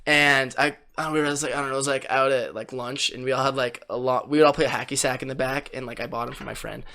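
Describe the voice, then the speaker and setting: A man's voice: medium pitch, fairly even intonation, fast, vocal fry, bright, forceful tone. A young man telling a long story in casual chat, rambling and laughing, full of "like" and "dude". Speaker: podcast guest.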